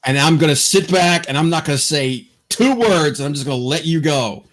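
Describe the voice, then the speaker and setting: A man's voice: a little high, a little fast. A man hosting a podcast in casual chat, rambling and stammering through lots of fillers. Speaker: podcast host.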